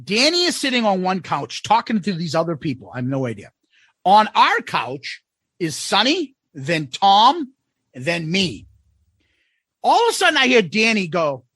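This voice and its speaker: A man's voice: high voice, big pitch swings, normal speed, fairly bright tone, dry recording, studio quality. A man co-hosting a podcast, telling a crude story with lots of laughter in casual chat. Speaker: podcast co-host.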